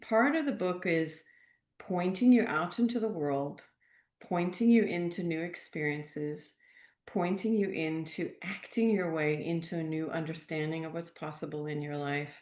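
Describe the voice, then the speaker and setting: A woman's voice: low-pitched, measured pace. Earnest older woman author, echoey and dull. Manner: reflective, earnest, warm enthusiasm. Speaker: author and podcast guest. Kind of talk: podcast interview. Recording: echoey, dull remote audio.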